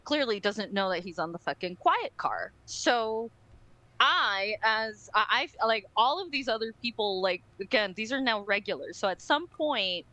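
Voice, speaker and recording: A woman co-hosting a podcast, telling a story in a casual, animated and profane way and acting out other people's voices. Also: mid-range voice, unhurried, low-quality recording. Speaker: podcast co-host.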